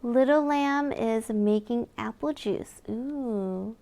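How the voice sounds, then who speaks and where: A woman reading a picture book aloud to young children in a gentle, sing-song way, with little gasps and questions to the listener. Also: a little high, slow pace, vocal fry.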